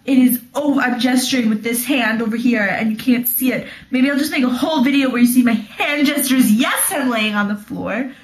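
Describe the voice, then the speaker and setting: A woman's voice: a little high, moderate pace, hardly any pauses, a little hiss or hum. Bubbly rambling teen girl, echoey room. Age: teens. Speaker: vlogger. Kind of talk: casual chat to camera. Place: at home, lying on the floor.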